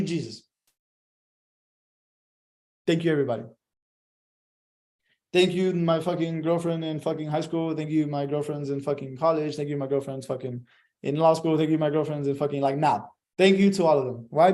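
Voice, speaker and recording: Young man, profane motivational rant, emphatic and preachy, slightly high voice, mellow tone. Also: fairly even intonation, brisk, long pauses. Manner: swears constantly, emphatic, preachy.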